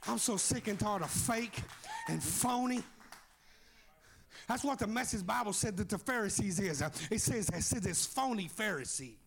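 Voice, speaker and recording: A male preacher with a very high, bright, gravelly voice. He preaches in a rising, sing-song cadence, shouting at the peaks of his phrases and dropping in folksy jokes. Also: lively intonation, normal speed. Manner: folksy, jokey asides. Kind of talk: sermon.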